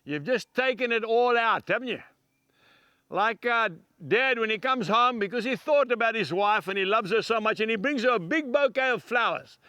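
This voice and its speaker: A man's voice: very high voice, expressive, normal speed, pushed and bright, smooth, no room sound, lo-fi sound. A man preaching a devotional TV talk, earnest and emphatic, speaking directly to the viewers. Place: filming set with camera crew.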